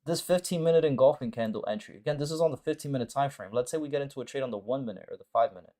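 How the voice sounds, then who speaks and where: A mid-pitched man with a warm tone coaches viewers through a live trading session, talking rapid-fire in casual stream commentary. As a forex mentor and host, he's blunt, full of slang and profanity, and repeats short phrases again and again to make his points stick.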